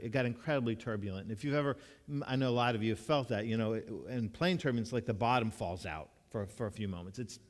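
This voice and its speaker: Earnest pastor preaching in a reverberant hall. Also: male voice, fairly low pitch. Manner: earnest, storytelling, often restarts and repeats words. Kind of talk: conversational sermon. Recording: long reverb of a large hall.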